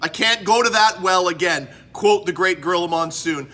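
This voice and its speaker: Canadian male vlog host, high bright voice, rambling and chatty. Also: moderate pace, slight background noise. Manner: rambling, self-interrupting, chatty. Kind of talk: casual collectibles show-and-tell.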